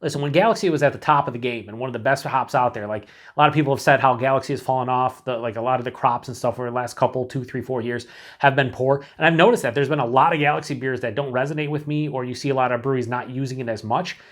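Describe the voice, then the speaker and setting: A man's voice: medium pitch, fast. A man casually reviewing a beer on his own channel, rambling and mocking himself, with some swearing.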